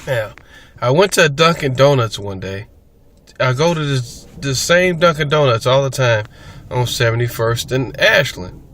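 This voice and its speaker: A man's voice: mid-range voice, lively intonation, moderate pace, fairly bright tone, slight background noise. A man talking casually to his viewers in a rambling, repetitive way, often restarting his sentences. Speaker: vlogger. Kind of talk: casual monologue to camera.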